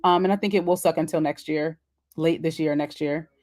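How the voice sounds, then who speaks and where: Woman, low voice, live-stream host, chatty and encouraging, casual and unscripted. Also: fairly even intonation, brisk, a little mellow. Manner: chatty, encouraging, answers comments on the fly.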